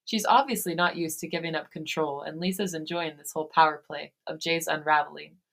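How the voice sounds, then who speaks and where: A woman podcast host reading fan fiction aloud, steady in her reading and given to breaking into laughter. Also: low-pitched, a little fast, vocal fry.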